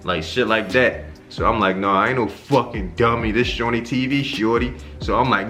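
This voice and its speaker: A young man vlogging a casual storytime, animated and full of slang and swearing, his pitch leaping up whenever he acts out his own reactions. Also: normal speed, faint music behind. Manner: animated, profane slang-heavy storytelling with sharp jumps in pitch on quoted reactions.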